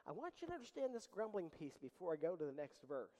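A man preaching a sermon as pastor, animated, with dramatic pauses and rising emphasis. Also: on the high side, in a large hall, low-quality recording.

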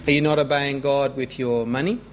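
A man preaching a sermon in an earnest way, rising in pitch when he stresses a point. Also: fairly even intonation, a little hiss or hum. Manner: earnest, rising with emphasis, slow deliberate preaching. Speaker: pastor.

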